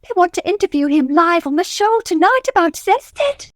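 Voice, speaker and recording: A woman playing a fretful, scheming middle-aged wife in a radio sitcom, excitable and fussy. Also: very high-pitched, a little fast, no room sound, studio quality. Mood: fussing.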